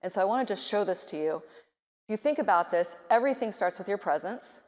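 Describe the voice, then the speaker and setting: A middle-aged woman speaks from a conference stage, lively and expressive, and she slips into quick nervous inner voices to make her points. Her voice sits at a middle pitch and carries a long reverb from the big hall around her. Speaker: keynote speaker. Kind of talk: conference keynote speech.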